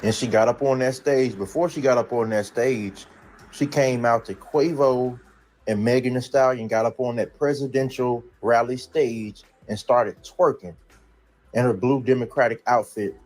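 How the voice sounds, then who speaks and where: A man's voice: mid-range voice, unhurried, darkish tone. A man giving an exasperated, indignant opinion rant in casual commentary.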